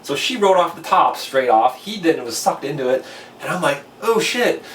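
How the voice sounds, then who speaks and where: A man spins a rambling, profane ski story at an ordinary pitch, jumping into the voices of his own past reactions. He sits a little back from the mic in a roomy, echoing space. Faint noise hums under the talk. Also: animated, normal speed, far from the mic. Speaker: podcast host telling a story. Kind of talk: casual storytelling over beers.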